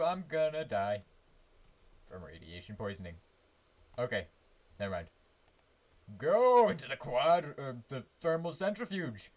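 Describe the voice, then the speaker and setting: A man's voice: medium pitch, sing-song, a little slow, long pauses, darkish tone. A man giving casual live commentary on his game from his own room, rambling, humming to himself and restarting his sentences often. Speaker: streamer.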